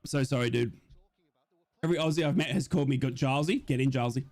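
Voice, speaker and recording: A man's voice: mid-range voice, quick pace, darkish tone. A young man with a chatty manner, hosting a live football watch-along and talking straight to viewers in chat.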